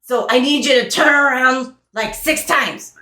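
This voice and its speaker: A woman's voice: high-pitched, a little slow, pushed and bright. A woman running a tabletop game as game master, narrating playfully with jokes and casual swearing. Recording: roomy echo.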